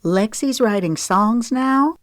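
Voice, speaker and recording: A woman reading the part of a defensive, sharp-tongued divorced mother in an audiobook, in a dry recording. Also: a little high, lively intonation, slow, no echo, voice pushed up.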